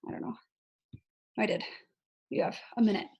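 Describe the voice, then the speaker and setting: A woman's voice: normal speed, darkish tone. A woman coaching her fitness team on a casual video call. She is chatty, often says "like" and checks in with "right?". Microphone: video call mic.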